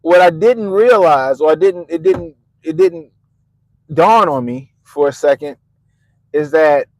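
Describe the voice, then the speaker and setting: A middle-aged man on a podcast, telling a story in an animated, profane way and laughing at himself. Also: a little high, no echo, low-quality recording. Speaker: podcast host. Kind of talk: casual storytelling.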